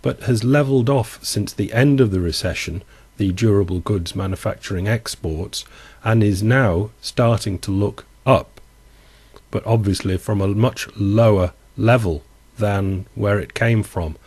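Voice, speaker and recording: A man walks through economic charts in a loose, conversational way, slipping in sardonic remarks. His voice sits fairly low. The recording is dry, with no room sound. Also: unhurried, darkish tone, breathy edge, no echo. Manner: wry, sardonic asides. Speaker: economics commentator. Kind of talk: casual commentary over charts.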